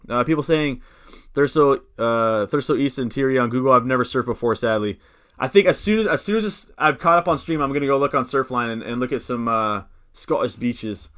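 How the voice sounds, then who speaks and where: A man's voice: mid-range voice, brisk, a bit bright. Man live-streaming, chatty and rambling. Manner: rambling, self-correcting, upbeat, reads chat aloud. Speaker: fantasy football streamer answering chat. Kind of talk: casual live-stream chat.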